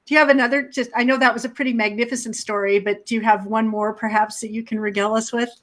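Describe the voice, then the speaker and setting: A woman hosts an interview and asks her guest questions in an eager, encouraging way. Her voice sits a little high for a woman. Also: steady tone, fast talker. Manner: enthusiastic, warmly encouraging questions. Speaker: interview host. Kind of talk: interview chat.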